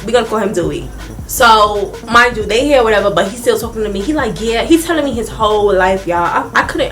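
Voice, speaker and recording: A young woman telling a casual storytime vlog, animated and laughing often, talking straight to her viewers. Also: on the high side. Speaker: vlogger.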